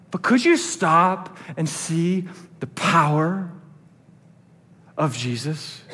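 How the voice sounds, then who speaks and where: Male pastor, high voice, dynamic sermon delivery from loud to hushed, long hall reverb. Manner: animated, swings from loud emphatic to hushed.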